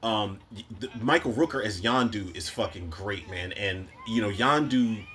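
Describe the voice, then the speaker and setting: A man's voice: fairly low pitch, normal speed, a bit bright. A man with a Philadelphia accent giving a casual, rambling movie review, full of slang and swearing, quoting lines from the films as he goes.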